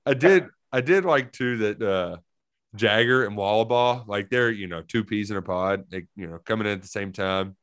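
A man co-hosting a casual sports podcast, telling stories in an animated way and laughing often. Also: fairly low pitch, moderate pace, smooth. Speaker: podcast co-host.

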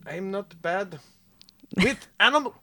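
A man putting on a gruff fake-German farmhand. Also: high voice, lively intonation, slow, pushed and bright, no echo, voice pushed up, exaggerated voice. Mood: defensive. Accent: exaggerated fake German accent. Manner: gruff, clipped, abrupt. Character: cranky aggressive German immigrant farmhand, adult man.

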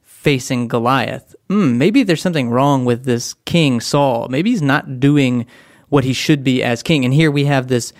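A man's voice: mid-range voice, no echo. Thoughtful man on a dry mic. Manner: thoughtful, adds to the other host's points. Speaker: podcast co-host. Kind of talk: casual discussion.

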